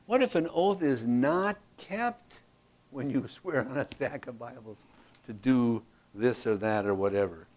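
This Bible class leader reads from a handout in an animated, homespun style full of playful digressions. He alternates between emphatic and hushed delivery, using a mid-range voice at a measured pace.

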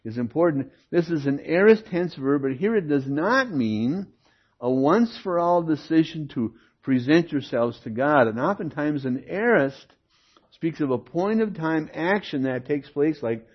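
An older man preaching an expository sermon, teaching in an animated way with rhetorical questions and occasional comic asides. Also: on the high side, moderate pace, slightly rough. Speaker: pastor. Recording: dull lo-fi sermon recording.

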